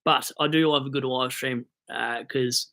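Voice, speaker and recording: A man's voice: medium pitch, fairly even intonation, a little slow, fairly bright tone. A young Australian man rambling and joking on a casual live stream about fantasy football, buzzing on coffee. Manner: rambling, jokey, hyped on coffee.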